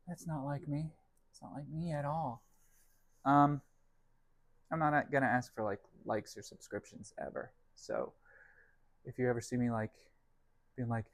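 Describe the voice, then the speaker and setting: A man's voice: medium pitch, a little slow, creaky, pauses often, no room sound. Rambling man chatting in a dry kitchen. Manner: rambling, self-deprecating, talks to his cats. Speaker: vlog host. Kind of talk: casual cooking vlog chat. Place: home kitchen.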